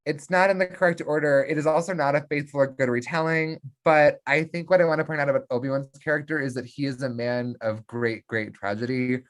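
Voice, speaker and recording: A podcast co-host recapping a film in casual chat, sitting at an ordinary middle pitch. The delivery is lively and playful. Snatches of dialogue get acted out in quick character voices.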